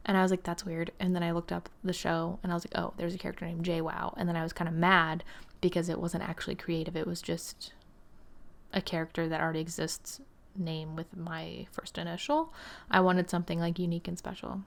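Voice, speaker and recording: A young woman narrates gameplay for her channel in a fairly low, gravelly voice, brisk and level in tone. She's in her twenties and chats in a rambling way, often saying "like" and "um," laughing a bit and occasionally whispering.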